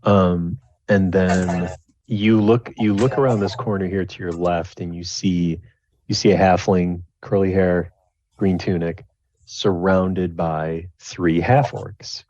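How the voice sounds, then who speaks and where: A man's voice: low voice, steady tone, takes it slowly, a little mellow, slight background noise. A man acting as game master, narrating a tabletop game in a rambling way with many restarts. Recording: dull lo-fi recording, dry.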